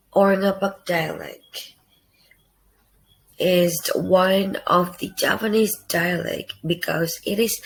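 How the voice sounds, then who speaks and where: Slow, creaky young woman. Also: on the low side, poor audio. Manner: careful, halting delivery in short phrases. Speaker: student presenter. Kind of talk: read class presentation.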